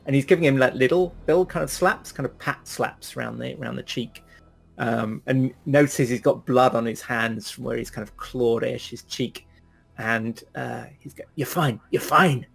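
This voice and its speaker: A man's voice: medium pitch, normal speed, gravelly, slightly rough. A man running a tabletop game as game master, narrating with many hesitant fillers.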